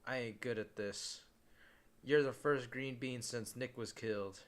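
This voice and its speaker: A man reading as a gruff young leader. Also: medium pitch, fairly even intonation, measured pace, natural voice. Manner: rough slangy speech. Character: gruff blunt young male group leader.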